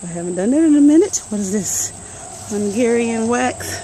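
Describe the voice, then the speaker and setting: A woman's voice: a little high, animated, normal speed, mellow, a little hiss or hum, rough recording. A woman, out of breath, casually walking through her vegetable garden and muttering plant names as she films. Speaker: gardening vlogger.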